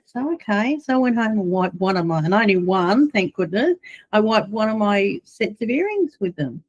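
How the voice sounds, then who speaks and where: Woman, church minister, chatty personal storytelling, lively swooping pitch, dull lo-fi sound. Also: moderate pace. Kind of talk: informal video sermon.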